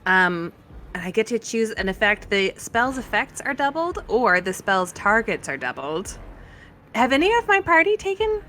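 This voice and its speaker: Bright, animated woman tabletop player. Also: a little high, moderate pace, a little hiss or hum. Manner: chatty, giggly, thinks aloud with fillers. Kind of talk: casual tabletop play.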